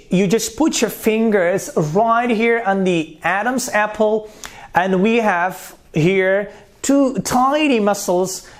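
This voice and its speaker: A man teaching pronunciation, repeating terms and sounding out consonants one by one. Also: high-pitched. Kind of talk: slow spoken lesson.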